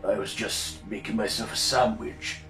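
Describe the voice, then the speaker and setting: A man's voice: fairly low pitch, fairly even intonation, normal speed, a bit bright, faint music behind, natural voice. A man voicing a hungry, flustered sixty-year-old fat man.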